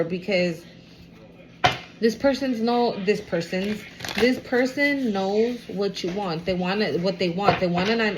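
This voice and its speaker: A woman giving a casual tarot reading to camera. She is animated and expressive, swears freely and talks aloud to spirit. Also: medium pitch, background noise. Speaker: tarot card reader.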